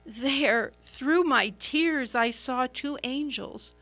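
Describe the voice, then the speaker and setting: A woman playing Mary at the empty tomb, slow and earnest. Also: high-pitched, a bit bright, soft background music, full character voice. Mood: sorrowful. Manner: earnest, emotional, swelling at moments of wonder. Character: grieving woman follower of Jesus at the empty tomb. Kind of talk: first-person dramatic monologue.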